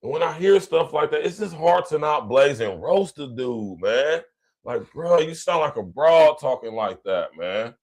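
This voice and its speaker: Man, podcast host, gravelly, blunt and mocking, casual rant. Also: fairly high pitch, expressive, a little slow, a little mellow. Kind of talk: casual commentary reacting to clips.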